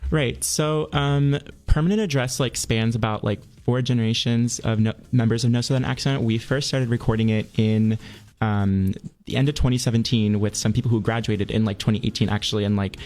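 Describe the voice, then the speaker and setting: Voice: mid-range voice, steady tone, a little fast, a little mellow. A young adult student in their early twenties, an a cappella arranger chatting in an interview, hesitant and filling speech with "like". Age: around 20. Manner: hesitant, heavy use of 'like'. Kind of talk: casual interview chat.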